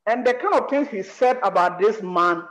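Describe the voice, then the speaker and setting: Animated Ghanaian-accented screenwriter. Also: mid-range voice, moderate pace, low-quality recording. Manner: animated, emphatic, asks rhetorical questions. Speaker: screenwriter on a panel. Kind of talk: panel discussion.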